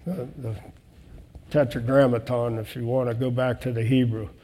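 Mellow-voiced preacher in a reverberant hall. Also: male voice, mid-range voice, little pitch movement, normal speed, a little hiss or hum. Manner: conversational, with restarts and quoted scripture. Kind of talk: sermon, Bible teaching.

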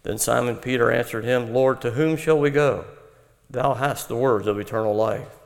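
A man preaching an earnest, measured Bible-teaching sermon. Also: mid-range voice, gravelly, in a large hall.

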